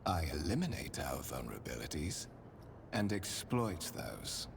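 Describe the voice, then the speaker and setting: An actor playing a courtly, calculating male spymaster in a video game, speaking with formal, measured and faintly menacing courtesy. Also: very deep voice, very animated, creaky, noisy background, full character voice. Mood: grave. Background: game music.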